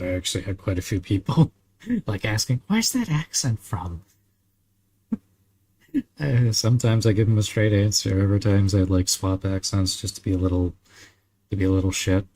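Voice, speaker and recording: Laid-back young man, low voice. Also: steady tone, normal speed, long pauses, dark tone. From Australia. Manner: laid-back, chuckles often, swears casually. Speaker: streamer chatting with viewers while gaming. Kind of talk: casual chat.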